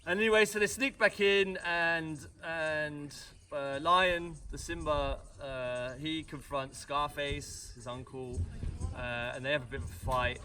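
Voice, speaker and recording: A man's voice: fairly high pitch, steady tone, unhurried, pushed and bright, distant mic. A British man retelling a story for his family with jokey asides and rambling restarts. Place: family home at Christmas.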